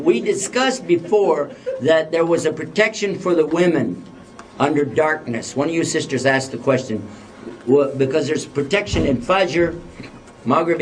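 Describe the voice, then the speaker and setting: A man giving an Islamic lecture to a live audience, joking and putting questions to the listeners. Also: fairly high pitch. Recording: voice a bit distant from the mic.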